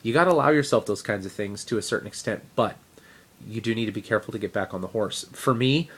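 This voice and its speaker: A teacher talks casually to the camera in a fitness video diary, sharing an update in a fairly low, slightly rough voice at a fast clip. He rambles with lots of fillers, restarts, and self-deprecating asides.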